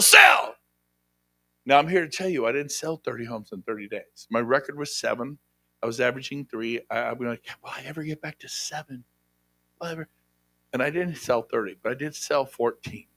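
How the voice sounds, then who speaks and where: Energetic male seminar speaker, sharp bright tone, dry close sound, loud crowd-rousing delivery. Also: no room sound. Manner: high-energy, shouts out to the crowd, animated. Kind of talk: motivational sales seminar talk. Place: hotel conference room.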